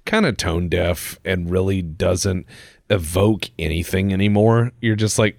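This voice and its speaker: A man's voice: low voice, a little slow, gravelly, no room sound, studio quality. A man hosting a podcast, chatting casually with stammered restarts and wry jokes. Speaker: podcast host.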